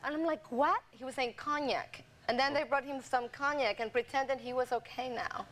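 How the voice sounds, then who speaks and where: A woman guest on a TV talk show, telling a story with lots of laughter and quick acted-out quotes. Her voice sits fairly high for a woman. A faint hiss from an old satellite TV recording runs under everything. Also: fairly even intonation, fairly bright tone. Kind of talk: animated anecdote telling. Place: TV studio with audience.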